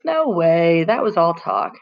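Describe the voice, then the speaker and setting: A woman's voice: fairly low pitch, wildly swooping pitch, measured pace, vocal fry, muffled recording, full character voice. A woman voicing a small, brainy, theatrical boy who puts on grand mock-archaic speech, in a storybook reading. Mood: cocky.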